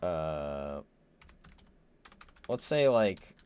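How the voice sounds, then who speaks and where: Animated young man streaming, casual and blunt. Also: low-pitched, very slow, smooth. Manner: rambling, stammering, blunt and joking. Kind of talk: casual livestream chat.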